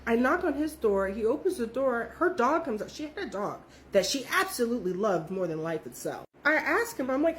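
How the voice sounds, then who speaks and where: A woman's voice: a little high, big pitch swings, a little fast, hardly any pauses, slight background noise. A young woman telling her own story in a casual, profane, emphatic way.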